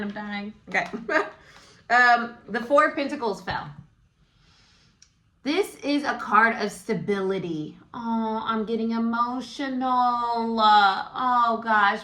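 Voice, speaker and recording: A woman's voice: a little high, pushed and bright, reverberant. A woman giving a casual, encouraging tarot reading, talking aloud with many fillers. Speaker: tarot reader.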